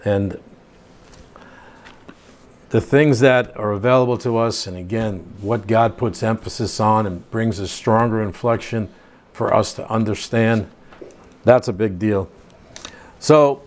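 A man's voice: on the low side, measured pace, pauses often. Older man teaching a Bible study. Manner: reads scripture aloud, then explains in plain casual asides.

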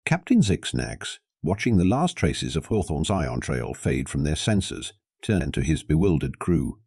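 A man narrating a science fiction story in a steady, dramatic storytelling manner. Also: extremely low pitch, a little slow, breathy edge, dry recording, clean studio sound.

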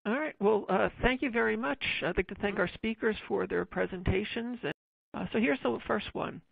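A webinar moderator reading audience questions in a brisk, plain way. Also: medium pitch, gravelly, breathy edge, no room sound. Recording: tinny phone-like line, dry.

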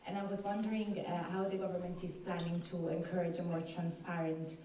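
Businesslike woman asking a question from the audience, lowish mellow voice, echoey room. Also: flat delivery, a little fast. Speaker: company representative asking a question. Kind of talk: formal question from the floor. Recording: echoey hall, distant mic, faint noise.

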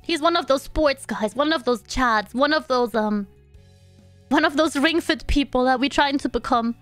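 A woman's voice: high voice, moderate pace, fairly bright tone, dry recording. A young woman live-streaming a game, talking playfully and sympathetically to her chat. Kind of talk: casual live-stream chat while gaming. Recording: dry close mic, faint background music.

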